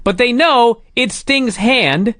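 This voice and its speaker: A man's voice: very high-pitched, slow pace, sharp tone, no room sound. A man hosting a podcast, ranting in disbelief about an old wrestling show with plenty of swearing. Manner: exasperated, profane ranting. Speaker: podcast host. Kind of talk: casual chat.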